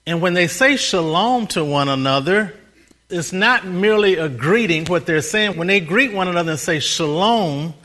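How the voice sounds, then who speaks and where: A man preaching a sermon as pastor, building rhythmic repeated phrases, slowing down for emphasis and laughing at his own stories. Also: sits high, animated, pushed and bright.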